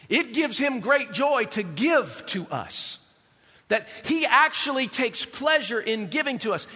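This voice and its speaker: Male pastor, high bright voice, lively sermon delivery, long hall reverb. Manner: animated, rhetorical questions to the congregation.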